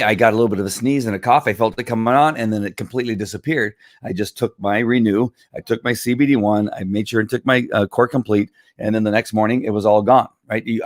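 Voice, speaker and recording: Hoarse-voiced man hosting a casual live stream; low voice, dry room, rambling delivery full of fillers. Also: no room sound. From Southern California. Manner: rambling, many fillers and restarts, frequent throat clearing. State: hoarse, losing his voice. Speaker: live stream host selling wellness products. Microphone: computer or phone camera.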